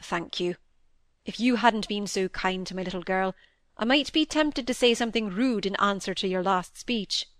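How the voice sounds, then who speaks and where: A woman's voice: medium pitch, normal speed, a bit bright, dry recording, natural voice. A woman reading aloud, voicing a brusque, dryly teasing middle-aged country doctor.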